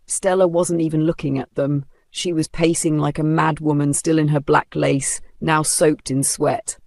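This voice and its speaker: Dramatic storybook narrator, slight gravel. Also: mid-range voice, flat delivery, normal speed, few pauses, darkish tone, dry recording, clean studio sound.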